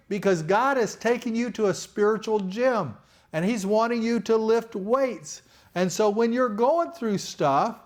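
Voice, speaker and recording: A man preaching a sermon to a congregation in an earnest, folksy way, often repeating words as he goes. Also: high voice.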